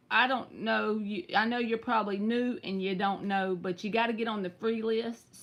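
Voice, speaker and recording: A woman's voice: mid-range voice, steady tone, moderate pace, few pauses, a bit bright. Chatty Southern woman reading tarot. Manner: chatty, direct, answers viewers by name. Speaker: tarot reader. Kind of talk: live-stream tarot reading.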